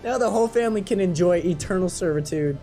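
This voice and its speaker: A man's voice: high-pitched, quick pace, dark tone, faint music behind, voice pushed up. A man doing a smug robot queen. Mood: regal gloating. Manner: grand, mocking villain speech. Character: gloating regal robot queen, cruel and smug.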